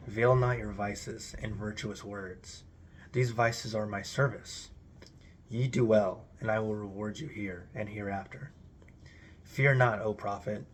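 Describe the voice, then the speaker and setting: A man's voice: lowish voice, fairly even intonation, unhurried, a little hiss or hum. A man giving a solemn, declamatory recitation of an archaic religious text in an intoned delivery. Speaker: reader.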